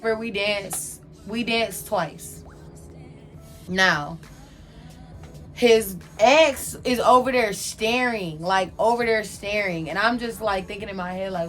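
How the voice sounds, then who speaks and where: A young adult woman telling a casual storytime from her own life, animated, slangy and candid. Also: medium pitch, takes it slowly, faint music behind. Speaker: vlogger telling a personal story.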